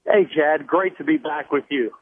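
A man's voice: a little high, slightly rough, no echo. A man in his sixties, out of breath, phoning into a radio show as a political candidate and rattling off figures insistently while walking. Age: 60s. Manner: brisk, number-heavy, insistent. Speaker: political candidate, phone-in guest. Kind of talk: campaign talk on a radio call-in. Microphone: mobile phone while walking. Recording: tinny phone line, dry.

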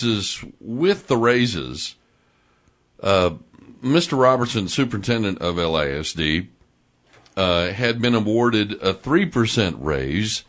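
A man's voice: lowish voice, a bit bright. A man hosting morning radio, talking in a loose, folksy way with lots of fillers. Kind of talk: casual radio interview.

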